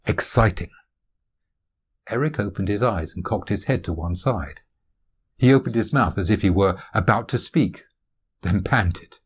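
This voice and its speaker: A man's voice: sits low, unhurried, long pauses, husky. A man reading his own novel aloud as audiobook narration, in a wry, self-deprecating first-person manner.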